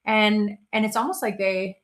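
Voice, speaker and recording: A woman's voice: mid-range voice, fairly even intonation, normal speed, fairly bright tone. Middle-aged woman host, casual motivational talk, conversational with frequent restarts. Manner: conversational, with self-interrupting restarts and playful quoted voices.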